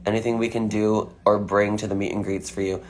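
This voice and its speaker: A man's voice: on the low side, level tone, a little fast, slight background noise. A man chatting casually on a phone livestream, answering fan questions with lots of fillers. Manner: chatty, filler-heavy, frequent "like".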